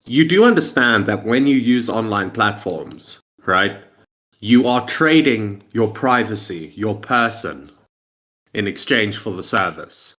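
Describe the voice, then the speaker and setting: A man's voice: lowish voice, animated, takes it slowly, a bit bright. A man co-hosting a podcast in casual chat, explaining his points insistently. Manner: lecturing, insistent, stating facts. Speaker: podcast co-host.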